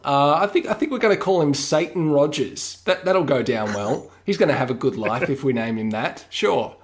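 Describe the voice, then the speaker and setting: A man co-hosting a podcast, speaking at an ordinary middle pitch. He rambles with little hedges and fillers. He slips into short mock dialogues to make a point. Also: lively intonation, moderate pace, few pauses. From Australia. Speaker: podcast co-host. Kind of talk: casual chat.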